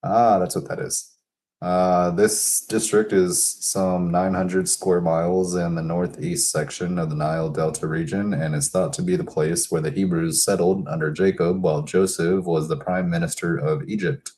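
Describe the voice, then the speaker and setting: A man's voice: low voice, steady tone, moderate pace, a little mellow, rough recording. A man reading scripture aloud in a casual Bible study, mixing in offhand asides.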